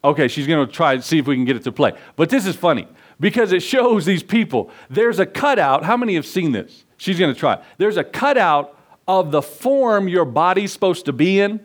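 A man's voice: fairly high pitch, fairly quick. A man preaching a sermon in a church, telling stories and acting out the people in them. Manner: animated storytelling preacher, acts out voices. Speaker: pastor. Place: church sanctuary.

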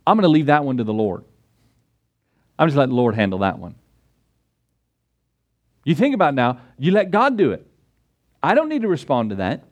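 A middle-aged man preaching a sermon, swinging his pitch up and down and stretching words for emphasis. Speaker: pastor.

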